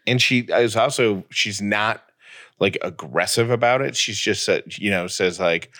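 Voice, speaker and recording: A man's voice: on the low side, unhurried, a bit bright. A man co-hosting a casual chat podcast, talking in a dry, joking way. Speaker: podcast co-host.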